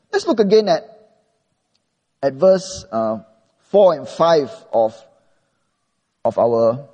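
A man preaching an expository sermon, earnest and measured, slowing down when he reads scripture. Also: sits high, mellow, husky, in a large hall, lo-fi sound.

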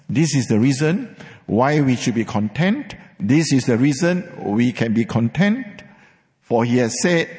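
A male preacher delivers a sermon with a measured, emphatic rhythm, slowing to stress each key phrase. His voice swings widely in pitch, and a long reverb trails after him through a large hall. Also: a little mellow.

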